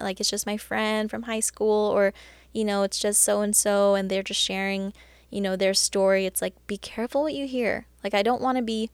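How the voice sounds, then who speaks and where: A woman's voice: medium pitch, clear, resonant tone, no room sound. Chatty woman giving casual faith talk. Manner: chatty, full of "like" and "you know"; earnest and encouraging. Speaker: Christian podcast host.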